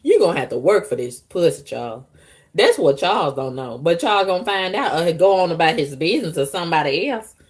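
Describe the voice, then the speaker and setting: A woman vlogging, telling her viewers a story in a blunt, profane, animated way. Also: fairly low pitch, brisk.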